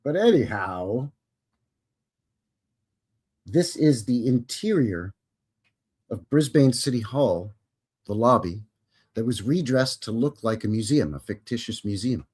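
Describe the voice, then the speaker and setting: A man's voice: mid-range voice, animated, measured pace, darkish tone, slightly rough. A man hosting a live stream, reading viewer comments aloud and joking casually while commenting on film clips. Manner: jokey, chatty, reads viewer chat aloud.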